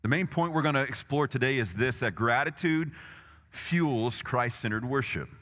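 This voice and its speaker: Guy preaching in a big echoey church, bright voice, talks to the crowd with lots of questions. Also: mid-range voice, animated, moderate pace. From Texas, USA. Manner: emphatic and conversational, with rhetorical questions. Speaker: pastor. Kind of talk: sermon. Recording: long hall reverb.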